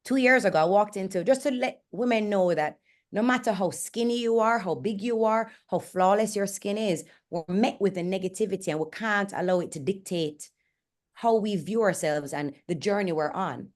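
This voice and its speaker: A woman's voice: medium pitch, normal speed. A Jamaican woman in her forties hosting a candid motivational talk, frank and earnest and speaking bluntly. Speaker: host and fitness coach.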